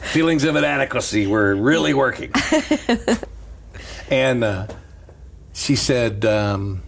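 A gravelly, mid-range male voice, slow and full of pauses, belongs to a middle-aged preacher guesting on a talk show. He spins a story in casual conversation, animatedly quoting others and laughing often.

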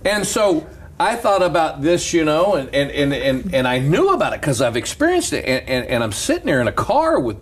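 A man, a pastor, telling stories on a talk show, animated and laughing at his own anecdotes. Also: a little high, normal speed, slightly rough. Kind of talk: storytelling on a Christian talk show.

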